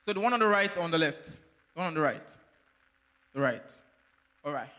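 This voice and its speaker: A man hosts a playful live quiz at a workshop in an event hall with long reverb, teasing the teams and laughing often. His voice is a little high, animated, fairly quick, pushed and bright.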